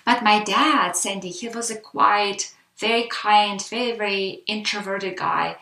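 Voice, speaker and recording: A woman's voice: mid-range voice, moderate pace, reverberant, rough recording. A middle-aged woman from the Soviet Union with a Russian accent, chatting as a guest in an interview and acting out the people she quotes. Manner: animated storyteller, acts out quotes. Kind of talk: casual interview chat.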